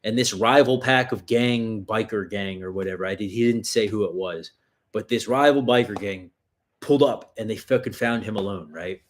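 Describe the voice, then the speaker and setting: A man's voice: lowish voice, moderate pace. A man hosting a self-defense livestream, telling rambling street-fight stories in casual, profanity-heavy chat. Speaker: self-defense channel host.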